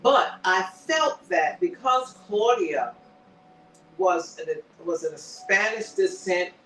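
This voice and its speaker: A man with a notably high voice hosts a casual recap of a TV episode, talking in an animated way. He acts out bits of dialogue as he retells the scenes. He is recorded in an echoey room, some way back from the mic. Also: takes it slowly, distant mic, a little hiss or hum. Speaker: show host.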